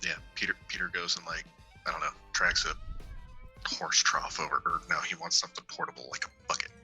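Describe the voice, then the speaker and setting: A man playing a tabletop game, talking in a laid-back, halting way and laughing between moves. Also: low voice, fairly even intonation, bright, forceful tone, soft background music. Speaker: player.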